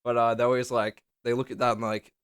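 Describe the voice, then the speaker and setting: A man's voice: mid-range voice, flat delivery, quick pace, a bit bright, clean tone. A young man in a casual vlog monologue, rambling and joking with crude humor. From Australia. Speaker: YouTuber.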